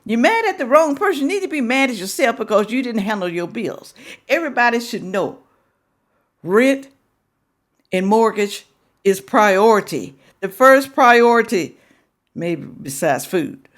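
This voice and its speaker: A woman's voice: a little high, animated, unhurried. A woman hosting a reaction video who lectures and scolds, repeating her points for emphasis. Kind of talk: reaction commentary.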